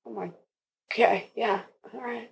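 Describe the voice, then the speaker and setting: A woman's voice: on the high side, a little slow, creaky. A young woman, a podcast guest, telling her birth story casually and with animation, laughing often and acting out what others said.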